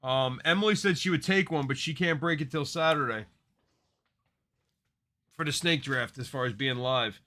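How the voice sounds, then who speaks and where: A man's voice: medium pitch, moderate pace, pauses often, pushed and bright. A man hosting a live card break stream, chatting casually and rattling off player names as he opens packs.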